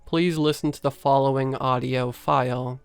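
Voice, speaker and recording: A man's voice: mid-range voice, steady tone, moderate pace, gravelly, smooth, dry recording, lightly acted. A man voicing a stern middle-aged police detective in a horror story reading, firm and formal.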